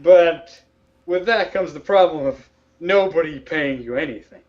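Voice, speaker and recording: High-voiced man, blunt and lo-fi. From Latvia. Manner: blunt, swears, fast bursts. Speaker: podcast co-host. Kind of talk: casual chat. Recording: dull lo-fi audio.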